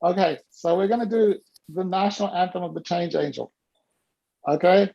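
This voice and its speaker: A woman hosts a casual workshop over a video call, teasing her guests in a playful, animated way. Her voice is gravelly and husky. The audio comes through muffled and dull. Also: on the low side, moderate pace. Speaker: host and coach.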